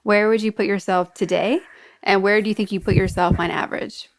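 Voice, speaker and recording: A woman's voice: medium pitch, fairly even intonation, fairly quick. A woman hosting a podcast in casual conversation, friendly and chatty as she tells stories and asks her guest questions. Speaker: podcast host. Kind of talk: casual interview chat.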